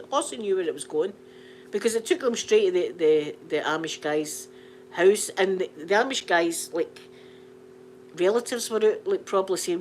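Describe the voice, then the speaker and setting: A Scottish woman telling funny stories in an animated, repetitive way, laughing along as she talks. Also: medium pitch, moderate pace, slight background noise. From Scotland. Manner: animated, laughing, repeats phrases for comic effect. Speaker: channel host. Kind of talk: casual storytelling chat.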